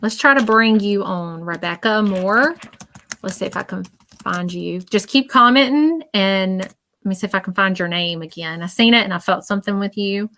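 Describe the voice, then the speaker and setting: A woman's voice: mid-range voice, moderate pace, sharp tone. A woman working as a psychic medium on a livestream. She rambles through her reading with many "um"s and "you know"s and speaks to her viewers directly and reassuringly. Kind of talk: live-streamed psychic reading.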